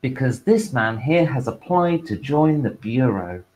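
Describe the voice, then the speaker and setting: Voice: mid-range voice, expressive, unhurried, a little mellow, low-quality recording. A player in a tabletop role-play game, talking in a distracted, offhand way.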